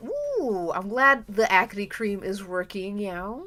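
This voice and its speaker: A woman's voice: medium pitch, takes it slowly. A young woman chatting casually on her art stream, rambling and stopping herself mid-sentence, often laughing. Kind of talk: casual live-stream chat. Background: soft background music.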